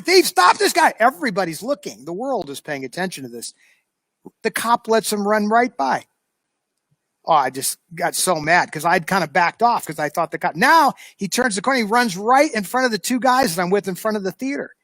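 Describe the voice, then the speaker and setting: An American man hosting a show, telling a story in a casual, animated way. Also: sits high, moderate pace, no echo. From United States. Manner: animated storyteller, lively re-enactment. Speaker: show host.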